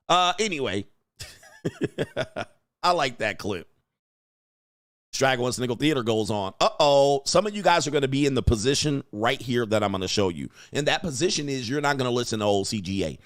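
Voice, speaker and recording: A man casually commenting on video clips in a mocking, animated way. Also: a little fast, dry recording, studio quality. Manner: mocking, animated, puts on high voices for quotes.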